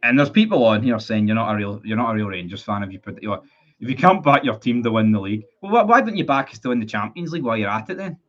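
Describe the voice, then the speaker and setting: A man's voice: lowish voice, lively intonation, fast talker, a bit bright, dull audio. A Scottish man ranting heatedly about his football club on a live stream, reading chat messages and swearing often. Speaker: football fan livestreamer.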